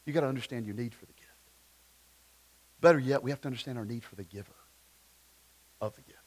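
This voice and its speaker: A man's voice: medium pitch, fast, breathy edge. A man, preaching a sermon at a church service in a conversational way, full of rhetorical questions and personal stories. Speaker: pastor.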